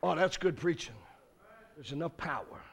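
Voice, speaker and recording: A man preaching a revival sermon, acting out the story's voices and building up to loud shouts. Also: fairly high pitch, animated, normal speed, creaky.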